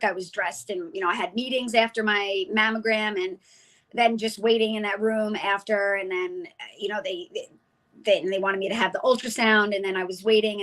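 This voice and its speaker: A woman in her forties with a bright, sharp voice tells her story as an interview guest. She talks with feeling and acts out the lines of the people in her story. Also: mid-range voice, poor audio. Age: 40s. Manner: animated storyteller, acts out quoted dialogue.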